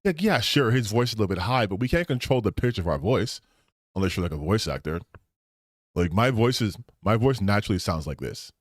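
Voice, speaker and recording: A man streaming reaction commentary from a home setup, animated and exasperated, swearing a lot. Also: lowish voice, fairly quick, no echo, studio quality.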